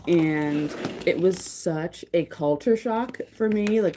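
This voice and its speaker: A woman's voice: lowish voice, mellow, slight background noise. A young woman hosting a casual livestream, chatting and gushing to her viewers with lots of fillers. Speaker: livestream host.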